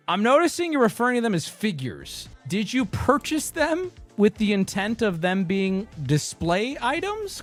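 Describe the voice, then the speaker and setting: A man hosting a live stream, interviewing a caller with blunt, teasing questions. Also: a little high.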